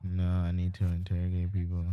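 Deep-voiced wry gaming man. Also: brisk, lo-fi sound. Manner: wry, deadpan asides. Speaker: gaming streamer. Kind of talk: casual gameplay commentary.

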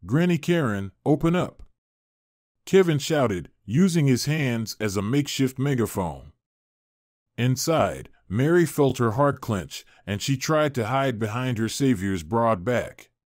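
A man narrating a fairy-tale story in a measured, expressive way. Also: mid-range voice, dry recording, clean studio sound.

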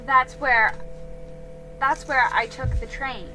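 Woman reading weary young girl, hesitant, stumbling, slow, soft music behind. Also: high-pitched, fairly even intonation, voice pushed up, full character voice, poor audio. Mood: anxious, tired. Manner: hesitant, stumbling over words. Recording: reading over background music.

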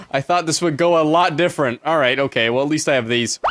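A man recording gameplay commentary, excitable, yelling and ranting at objects in the game, with sarcastic self-talk. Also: a little high, quick pace, few pauses, background noise. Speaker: gaming video host. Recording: loud game sounds and mouse clicks behind.

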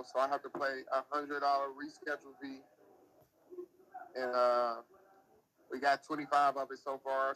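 A man's voice: medium pitch, bright, forceful tone, slight background noise, low-quality recording. A man from the United States on a casual phone livestream, near an airport. He rambles, swears and sounds exasperated.

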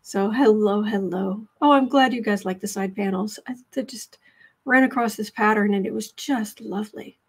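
A woman's voice: mid-range voice, normal speed, breathy edge. A woman hosting a daily tarot livestream in a casual, rambling chat, with asides to her viewers. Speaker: livestream tarot reader and host.

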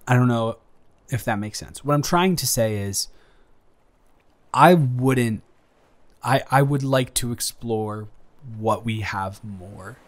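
A young man playing his best friend's earnest older brother in an improvised romantic audio roleplay, speaking haltingly with many restarts. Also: mid-range voice, close to an everyday voice. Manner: halting, hesitant, frequent restarts.

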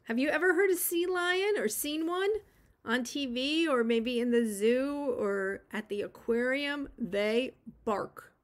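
A woman who teaches preschool, reading a picture book aloud to young children and gently encouraging them to join in. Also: sits high, takes it slowly.

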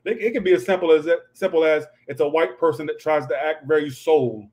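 A man's voice: on the high side, fairly quick, darkish tone. A man doing a casual livestream tarot reading, talking in a snappy, profane, ranting way. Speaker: tarot reader.

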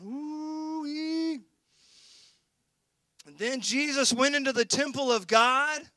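A man pastor preaching a sermon with impassioned swings between loud emphasis and hushed intensity. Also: high-pitched, clean tone, no room sound, clean studio sound. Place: church.

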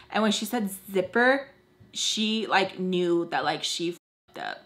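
A woman's voice: on the low side, a little slow. Chatty young woman telling a storytime. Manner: chatty, animated, acts out quoted voices. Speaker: beauty vlogger. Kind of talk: storytime chat while doing makeup.

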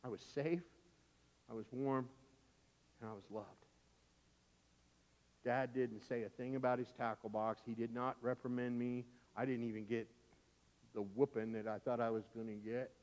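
A middle-aged male pastor preaching a sermon through a vivid personal story, swinging from loud, urgent lines to hushed ones. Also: medium pitch, steady tone, normal speed, pauses often. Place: church sanctuary. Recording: dull, echoey church recording.

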